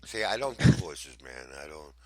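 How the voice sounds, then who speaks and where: A man's voice: a bass voice, big pitch swings, normal speed, a little mellow. A man co-hosting a podcast in casual banter, hesitant and self-deprecating, full of fillers. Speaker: podcast co-host.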